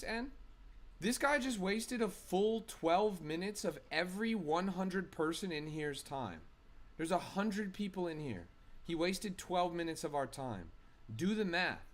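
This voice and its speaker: Angry swearing streamer guy yelling at chat, voice swings all over, talks slow. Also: high voice. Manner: angry, profane, ranting. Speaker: live streamer. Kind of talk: live stream rant to chat.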